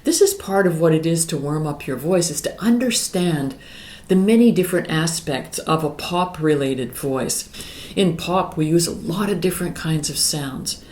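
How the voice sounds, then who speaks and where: A middle-aged woman vocal coach explaining singing warm-ups in a calm, explanatory way. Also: low voice, normal speed, a little hiss or hum. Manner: calm, explanatory, breaks into sung exercises. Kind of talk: singing lesson with demonstrations. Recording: echoey room with piano. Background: piano.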